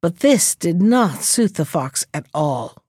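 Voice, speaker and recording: A woman narrating an animal folktale in an expressive, measured storybook style. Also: on the low side, breathy edge, no echo, clean studio sound.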